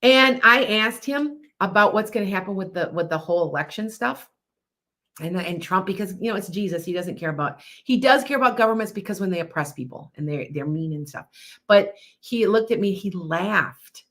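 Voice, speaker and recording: A woman's voice: mid-range voice, lively intonation, normal speed, fairly bright tone. A woman hosting a psychic podcast, chatting casually and rambling, often repeating herself and answering viewers' comments. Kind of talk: casual live-stream chat.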